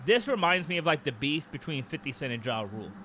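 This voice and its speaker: Bright-voiced man arguing on a podcast. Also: fairly high pitch, fast talker, a little hiss or hum. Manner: animated, opinionated, mimics other people mid-sentence. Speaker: podcast co-host. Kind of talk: casual podcast chat.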